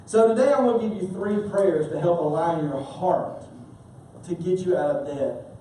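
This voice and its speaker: A man preaching a sermon as a pastor, telling stories with animated humor. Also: high-pitched, normal speed, slight background noise. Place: church sanctuary. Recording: echoey church hall from far off.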